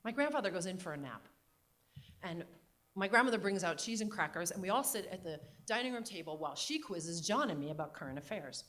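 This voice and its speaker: A middle-aged woman telling a personal story on stage with wry, deliberate comic timing. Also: fairly low pitch, animated, a bit bright. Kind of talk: live storytelling performance.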